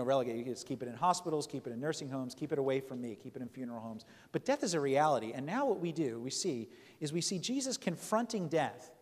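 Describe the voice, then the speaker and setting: A man with a somewhat high, slightly mellow voice preaches a sermon, and the recording has a big-room sound. He reads scripture aloud and explains it conversationally, often checking in with "right?" and restarting phrases.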